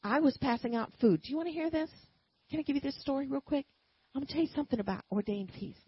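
A woman preaching a sermon and telling a personal story, swinging from quiet asides to loud emphatic bursts. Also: high-pitched, animated, fast, highs cut off, a little hiss or hum.

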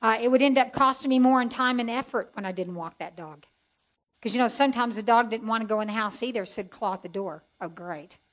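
A woman's voice: fairly high pitch, fast, low-quality recording. A woman giving a chatty, heartfelt testimony as a Bible teacher to a group. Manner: folksy, chatty and heartfelt, with asides to the audience.

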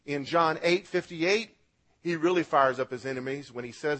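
A man preaching a sermon as pastor, swinging between loud emphatic lines and quiet low drops, asking the congregation to repeat words after him. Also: moderate pace. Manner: emphatic preaching, rising and dropping for effect.

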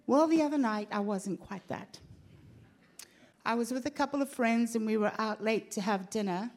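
A woman tells a story from the pulpit, bringing its people to life. Her voice sits a little high, and she moves between her own voice and the voices she acts out. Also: moderate pace. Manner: animated, acts out quoted voices. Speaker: pastor's wife telling a story. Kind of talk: church storytelling.

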